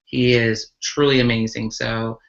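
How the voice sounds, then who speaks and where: A woman's voice: very deep voice, little pitch movement, a little slow. A woman, a transgender activist, answering questions earnestly in a live online talk, with many ums and restarts. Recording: muffled lo-fi livestream audio.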